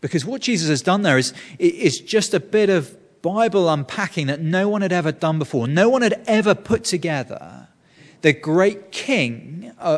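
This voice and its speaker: Male preacher, slightly high voice, earnest and explanatory, in a reverberant hall. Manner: earnest, explanatory, with frequent restarts. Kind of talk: sermon.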